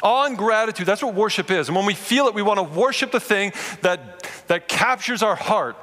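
Man in his forties, pastor, bright voice, lively storytelling sermon, reverberant hall. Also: high voice. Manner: storytelling, animated, addresses the audience directly. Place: large room before a live audience. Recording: long reverb of a large hall.

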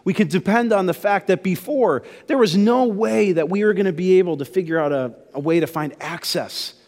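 A man's voice: high-pitched, a little fast, a little mellow, long reverb tail. A man pastor giving a sermon in a casual, conversational storytelling way.

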